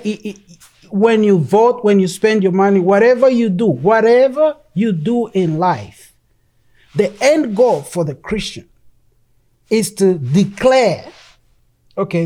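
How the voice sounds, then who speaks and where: A preacher in the middle of a sermon, talking at an ordinary middle pitch. The delivery is emphatic, with frequent stumbles and repeated words as sentences restart. Passages from an article and scripture are read aloud along the way. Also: expressive, unhurried, warm tone.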